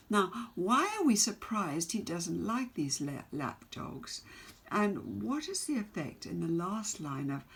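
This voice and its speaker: A woman teaching a poetry lesson, her voice low and husky with a gravelly edge. She speaks slowly, posing one question after another to her students. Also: lively intonation. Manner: slow, questioning, reads poem aloud with emphasis.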